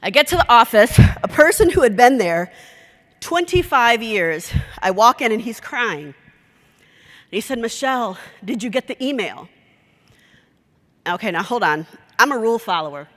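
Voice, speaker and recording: Bright-voiced woman telling a story in a hall. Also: fairly high pitch, moderate pace. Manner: lively storyteller who acts out dialogue. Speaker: conference speaker. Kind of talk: storytelling conference talk. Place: conference session hall. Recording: echoey conference hall.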